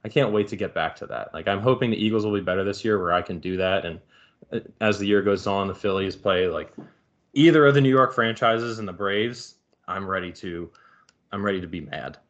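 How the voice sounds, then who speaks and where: A young man from the Philadelphia area with a Philly accent, co-hosting a casual sports podcast and rambling on in an animated way, swearing freely. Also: sits low, brisk. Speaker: podcast co-host. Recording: dull lo-fi audio.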